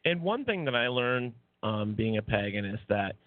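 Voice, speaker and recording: A man's voice: fairly low pitch, sing-song, moderate pace, no room sound, phone-quality sound. A man co-hosting a casual talk show, joking and teasing as he reads chat comments. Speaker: co-host.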